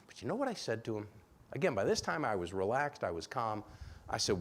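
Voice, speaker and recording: A man from Rhode Island giving a relationship seminar in a church, animated and acting out bits of dialogue. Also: brisk, a little hiss or hum. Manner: animated, acts out dialogue with sudden pitch jumps. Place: church sanctuary.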